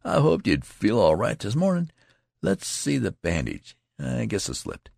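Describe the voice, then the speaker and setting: A cheerful young soldier, coaxing and kind, pitched up above a deep-voiced man's own voice and with a gravelly edge. He speaks with a husky, dry close sound, as in a read-aloud storybook. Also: wildly swooping pitch, unhurried, darkish tone, no room sound, exaggerated voice. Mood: cheery. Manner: hearty, coaxing. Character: friendly young male soldier, cheerful and soothing.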